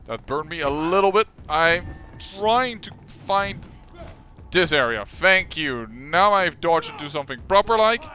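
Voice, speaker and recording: With a fairly high, pushed and bright voice, a man narrates his let's play as faint game music plays. His commentary on the gameplay runs on wry jokes at his own expense.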